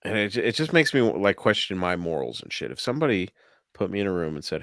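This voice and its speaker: A man with a low voice co-hosts a casual podcast, chatting loosely and laughing often as he talks. His speech is peppered with swearing. The sound is dry and close, with no room around it. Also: big pitch swings, fast talker, a bit bright, dry recording. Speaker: podcast co-host. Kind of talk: casual chat.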